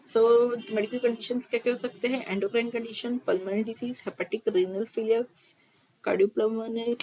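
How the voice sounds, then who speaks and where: A woman's voice: on the high side, a little mellow. Woman reading nursing lecture notes. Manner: reads terms steadily, then re-explains them quickly in Hindi-English mix. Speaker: nursing teacher. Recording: slightly dull audio with faint noise.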